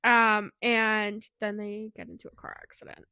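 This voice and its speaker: A woman's voice: mid-range voice, flat delivery, moderate pace, pushed and bright, smooth, no echo. A woman co-hosting a casual book podcast, summarizing plot in a chatty way with many fillers. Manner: chatty, filler-heavy, laughs easily. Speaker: podcast co-host. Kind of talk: casual book review chat.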